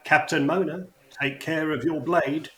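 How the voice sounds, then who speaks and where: A man's voice: on the high side, fairly even intonation, a little slow, bright, forceful tone, reverberant, voice pushed up. A man voicing a polite male goblin ride keeper who speaks in sing-song rhyming couplets. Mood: courtly, sing-song.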